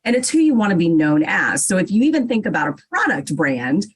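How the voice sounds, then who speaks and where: A woman's voice: lowish voice, big pitch swings, brisk, husky, poor audio. Woman author guesting on a podcast, encouraging, explains things plainly. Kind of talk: casual interview chat.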